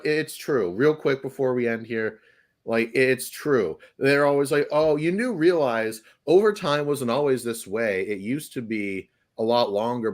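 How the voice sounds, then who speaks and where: A young man co-hosting a sports podcast, opinionated and sarcastic, laughing mid-sentence. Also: medium pitch. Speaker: podcast co-host. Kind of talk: casual sports podcast chat.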